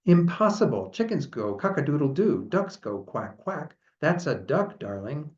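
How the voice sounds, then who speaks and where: A man's voice: mid-range voice, huge pitch swings, moderate pace, lo-fi sound, voice pushed up. Man doing an exasperated spouse insisting. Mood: exasperated insistence. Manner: insistent, spells words out in exasperation.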